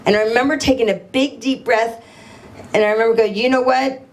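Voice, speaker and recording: A woman's voice: on the high side, steady tone, a little fast. A middle-aged woman giving a live motivational talk on stage, telling stories animatedly, acting out dialogue and putting questions to the audience. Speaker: motivational speaker.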